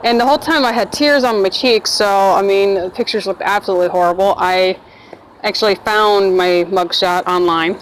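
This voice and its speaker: A woman's voice: mid-range voice, normal speed, a little hiss or hum, low-quality recording. A woman, telling her own story in a casual, rambling vlog monologue and acting out the voices of people she quotes.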